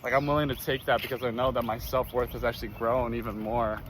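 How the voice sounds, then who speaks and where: A man's voice: medium pitch, level tone, fast talker, a little hiss or hum. Affirming young man chatting outside. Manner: agreeable, affirming, says "yeah" and "bro" often. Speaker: co-host. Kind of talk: casual reflective chat. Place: outdoors near traffic.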